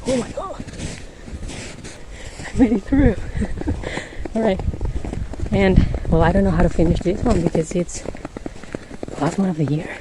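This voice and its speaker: A woman's voice: mid-range voice, slow pace, pauses often, background noise. Winded woman rambling on a snowy walk. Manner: rambling, laughs often, a bit winded. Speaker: podcast host. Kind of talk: casual monologue while walking. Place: outdoors on a snowy street.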